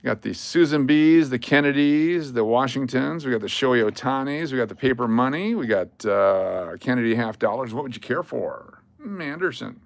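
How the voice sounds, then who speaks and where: A man's voice: mid-range voice, lively intonation, moderate pace, vocal fry, few pauses. An older man hosting a casual livestream, rattling off lists of cards and chatting to viewers. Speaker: livestream host.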